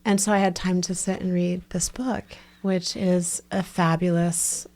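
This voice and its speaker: A chatty podcast host, a woman with a somewhat low voice. She talks effusively in a casual chat and often starts her sentences over. Her phrasing is loose and conversational. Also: flat delivery, unhurried, darkish tone.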